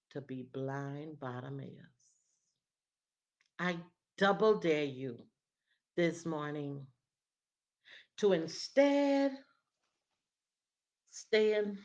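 A woman's voice: low-pitched, muffled recording. A woman preaching a dramatic, emphatic sermon and often asking "hmm?" to draw in her listeners.

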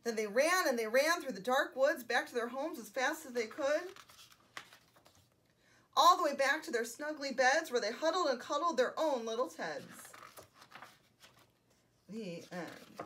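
A children's librarian reading picture books aloud to young children, animated and enthusiastic. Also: female voice, high voice, unhurried, pauses often. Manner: animated, enthusiastic and sing-song.

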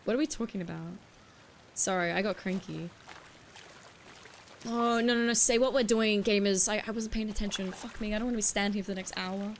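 A woman's voice: medium pitch, fairly even intonation, a little fast, slight background noise. A woman livestreaming a video game, chatting casually and swearing freely as she answers her viewers. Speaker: streamer.

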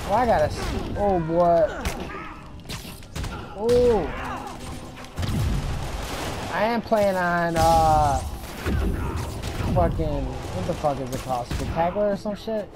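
A young adult gamer giving casual, profane gameplay commentary with frequent excited whoops. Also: medium pitch, unhurried, long pauses, very noisy. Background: video game music.

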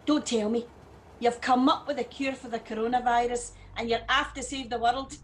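An actress with a Scottish accent playing a teasing, loud, laughing woman taxi driver in an audio drama. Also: on the high side, steady tone, moderate pace, slight background noise, lightly acted. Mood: mocking.

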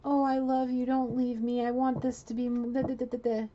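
A woman's voice: on the high side, flat delivery, brisk, lo-fi sound, pitched above the performer's own voice, natural voice. A woman putting on a clingy, lovesick woman. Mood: pleading.

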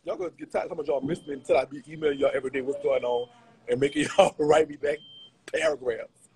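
A man's voice: a little high, steady tone, fast talker, darkish tone, slightly rough, low-quality recording. A man chatting casually with viewers on a live stream, slangy and laughing often. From Louisiana.

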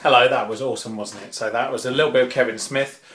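A man wrapping up his vlog in a relaxed, casual way, filling pauses with ums and uhs. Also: medium pitch, echoey room, a loud crowd, very noisy. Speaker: vlogger. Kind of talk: casual vlog talk to camera.

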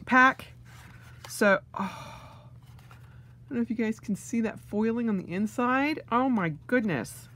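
A woman's voice: mid-range voice, fairly bright tone. A woman vlogger unboxing things, gushing with gasps and delighted exclamations. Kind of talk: casual unboxing vlog.

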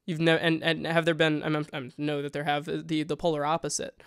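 A man's voice: a little high, monotone, brisk, clear, resonant tone. A man hosting a podcast interview, asking questions with curiosity and sharing his own stories. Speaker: podcast host.

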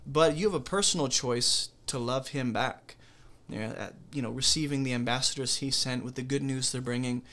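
A man teaching from the Bible in a relaxed, conversational way, with a bright and forward tone. He reads passages aloud, then stops to explain them and ask questions. He keeps checking in with the listener as he goes. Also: medium pitch, moderate pace, few pauses.

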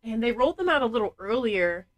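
A woman's voice: a little high, big pitch swings, quick pace, low-quality recording. A woman hosting a casual podcast, chatty and frank, laughing often and swearing freely. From New England. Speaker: podcast host.

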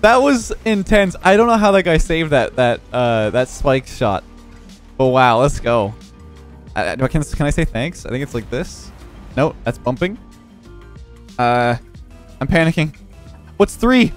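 A young man giving live commentary over his own gameplay, excitable and quick to laugh, with frequent exclamations. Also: mid-range voice, soft background music. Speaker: gaming YouTuber.

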